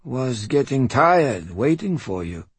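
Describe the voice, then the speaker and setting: A man voicing a dying old male swordsman, weak and wheezing, who speaks in slow, broken, rasping phrases. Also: medium pitch, very animated, dry recording, pitched above the performer's own voice, exaggerated voice. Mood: faint, rasping.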